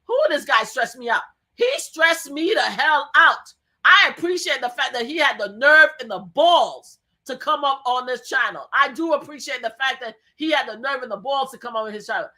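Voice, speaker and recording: A woman livestream host with a high, bright, ringing voice. She talks loudly in a heated argument and hammers the same demands over and over. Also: lively intonation, normal speed. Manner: loud, repeats pleading commands.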